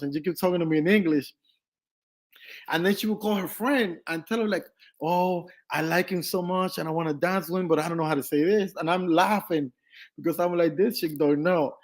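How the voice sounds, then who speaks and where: A young man vlogging casually, telling lively stories with swearing and acted-out quotes. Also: high voice. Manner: animated, swearing, acts out quotes. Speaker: travel vlogger. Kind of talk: casual storytelling.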